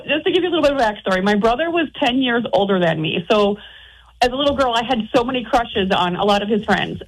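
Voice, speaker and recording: A woman's voice: on the high side, rough recording. A woman calling into a radio show, chatting through a story and acting out both sides. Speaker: caller. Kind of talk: telling a story on a call-in show.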